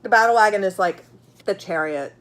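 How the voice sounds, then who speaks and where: A woman reads tarot cards to camera in a loose, chatty way. She is blunt and swears often, circles back on her words and fills gaps with "uh" and "you know". Her voice sits at an ordinary middle pitch. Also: fairly quick, a bit bright, a little hiss or hum. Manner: blunt, swears freely, many fillers; chatty, repeats herself while pulling cards. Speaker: tarot reader. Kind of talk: casual tarot reading.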